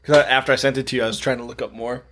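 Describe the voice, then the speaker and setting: A man's voice: mid-range voice, steady tone, very fast, fairly bright tone, slight background noise. A man co-hosting a horror movie podcast, telling stories in casual chat, swearing and laughing often. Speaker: podcast co-host.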